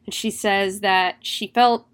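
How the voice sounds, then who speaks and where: A young woman casually recapping a horror film, chatty and animated, swearing freely. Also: mid-range voice, slow pace, smooth. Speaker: movie reviewer.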